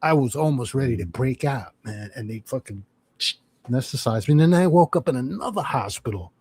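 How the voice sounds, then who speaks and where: A middle-aged man from New York telling a profane, animated story in casual chat, acting out quotes as he goes. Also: mid-range voice, fairly quick, slightly rough. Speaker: livestream host.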